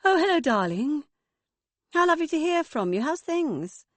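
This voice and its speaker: A woman's voice: high voice, big pitch swings, normal speed, dry recording, pitched above the performer's own voice. A woman reading an audiobook voices a self-absorbed mother near sixty with a breezy, sing-song manner. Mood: airy. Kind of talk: audiobook character voice.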